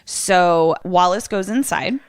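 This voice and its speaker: A woman co-hosting a comedy podcast, recapping a horror film in a chatty, animated storytelling way. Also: on the low side, takes it slowly, clear, resonant tone, no echo, clean studio sound. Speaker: podcast co-host.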